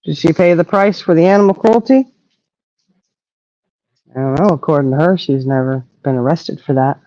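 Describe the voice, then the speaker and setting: A woman hosting a casual live-stream talk show, indignant and animated, swearing freely. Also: low voice, moderate pace, no room sound, dull audio. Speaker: host.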